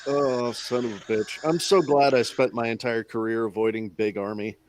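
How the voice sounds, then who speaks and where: A man speaks in an easygoing, wry way, swearing in passing as he trades stories from his military career. His pitch sits in a middle range. It comes across as a relaxed podcast chat. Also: moderate pace, a little hiss or hum. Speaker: military veteran.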